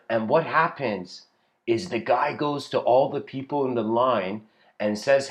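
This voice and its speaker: A man with a very low voice gives a casual spoken lecture. He tells a parable in a loose, rambling way, filling gaps with "you know" and soft chuckles. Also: a little slow.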